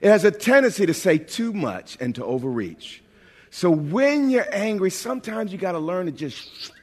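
A man's voice: high voice, sing-song, normal speed, darkish tone. A pastor from New York preaching a sermon in a conversational, joking way, often restarting his phrases. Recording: long hall reverb.

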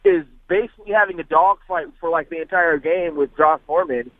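A man calling into a sports radio show over a tinny phone line, pressing his opinion earnestly and restarting his sentences as he goes. His voice sits a bit high and sounds dry and close to the phone. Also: steady tone, fairly quick, no echo. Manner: earnest, arguing his point with repeated restarts. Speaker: caller. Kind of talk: call-in opinion.

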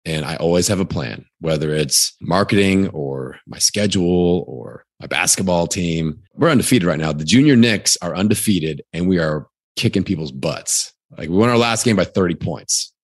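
Deep voiced guy, upbeat coach chatting on a podcast, lots of likes, dry sound. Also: expressive, no room sound. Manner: upbeat, quick, lots of "like" fillers. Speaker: podcast business coach, guest. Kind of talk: casual interview talk.

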